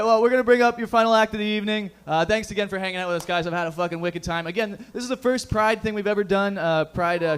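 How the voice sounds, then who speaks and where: A man with a high voice hosts a stand-up show in a bar. He works the crowd with crude, bantering jokes over a handheld stage mic. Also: clear, resonant tone. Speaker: stand-up host. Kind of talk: live stand-up with crowd work.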